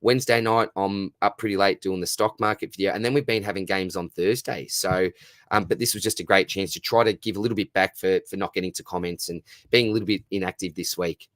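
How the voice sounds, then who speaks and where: Hosting a casual livestream, a warm, matey Australian man answers his chat at a quick pace, repeating words and calling everyone "mate." His low voice has fairly even intonation, and the studio sound is clean with no echo.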